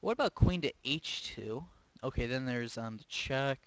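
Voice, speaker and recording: A man's voice: medium pitch, expressive, normal speed, a bit bright, no room sound, rough recording. A man commentating his own online chess game live, thinking aloud with hesitant, self-questioning remarks. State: sleepy, yawning. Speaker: chess streamer.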